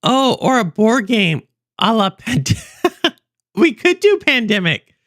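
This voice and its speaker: Animated chatty woman streamer, bright and lively. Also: a little high, slow pace. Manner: rambling, animated, laughs often, chats with viewers. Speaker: livestream host. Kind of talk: casual stream chat.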